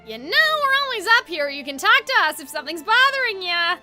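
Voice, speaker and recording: A woman's voice: very high voice, very animated, fairly quick, sharp tone, soft background music, heavily acted. A woman voicing a chummy, folksy male stone gargoyle with drawled slang in a game read-aloud. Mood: folksy cheerful.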